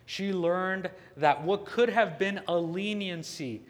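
A man preaching a sermon, telling a story earnestly with slow, emphatic stresses. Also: high voice, in a large hall. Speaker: pastor.

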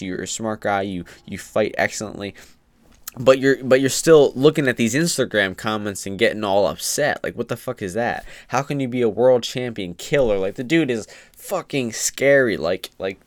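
A man's voice: lowish voice, no echo. A man giving opinionated, rambling casual commentary on a podcast, getting heated at times.

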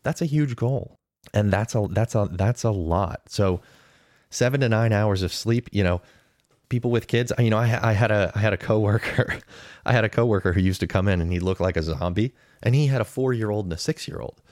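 A man's voice: fairly low pitch, brisk, darkish tone, no echo, studio quality. A man in his thirties giving casual, opinionated podcast commentary, weighing pros and cons in a conversational way. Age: 30s. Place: podcast studio.

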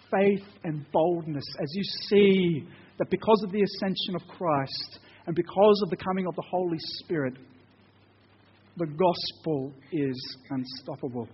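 A high, slightly husky man preaches with earnest, conversational warmth, slipping from storytelling into prayer. His voice rings out with a long church-hall reverb. The sound is dull and muffled. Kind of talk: sermon with personal story and prayer.

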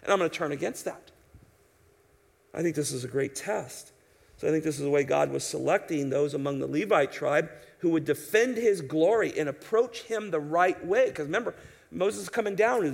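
Gravelly-voiced man preaching a sermon. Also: on the high side, moderate pace. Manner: emphatic, conversational preaching with rhetorical questions. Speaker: pastor. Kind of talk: expository sermon.

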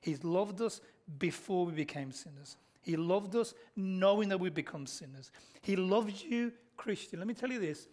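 A man with a Black Country accent preaching a sermon, earnestly and directly addressing his listeners, often dropping to soft, intense tones. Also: high voice, expressive, normal speed, few pauses. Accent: Black Country English.

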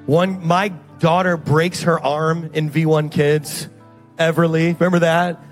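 A male pastor from Indiana preaching a sermon and telling stories in an animated way, acting out the voices of the people in them. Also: fairly high pitch, unhurried, soft background music.

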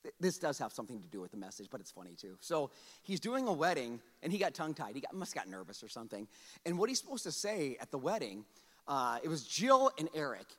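A man pastor preaching a sermon in a church, animated, repeating words and acting out quotes. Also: mid-range voice, fast talker. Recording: long reverb of a large hall.

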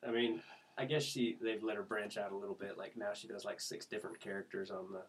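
A man's voice: lowish voice, steady tone, fast talker, breathy edge. A man hosting a casual chat, asking easygoing, curious questions. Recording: distant mic with faint noise.

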